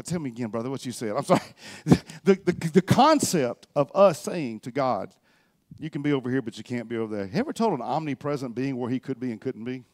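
A middle-aged man preaching a sermon as pastor, swinging between loud exhortation and quiet reflection. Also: medium pitch.

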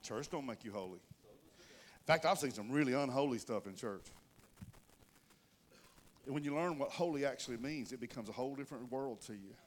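In a mid-range voice with a faint hiss or hum behind it, a pastor gives a conversational sermon, spinning folksy stories and talking straight to his congregation. He's animated, and his volume swells and falls for emphasis.

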